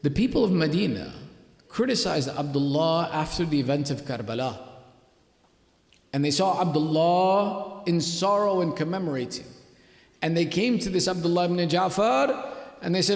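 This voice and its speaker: Man, sermon, high gravelly voice, dramatic storytelling, echoey reverberant mosque hall. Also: expressive. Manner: dramatic storytelling with slowed emotional peaks. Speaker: religious speaker.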